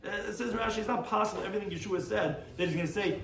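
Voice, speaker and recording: In an echoey room, recorded far from the microphone with faint noise, a rabbi gives a daily Talmud lesson in a high-pitched, rapid-fire voice. He reads Aramaic phrases, explains them in English, and animatedly acts out the quoted sages.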